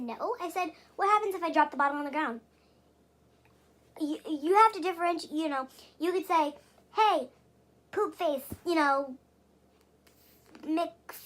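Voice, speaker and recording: High-voiced young woman venting frustration. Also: fairly bright tone. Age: young adult. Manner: rambling and exasperated, with frequent swearing and fillers. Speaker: vlogger. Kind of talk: casual venting vlog.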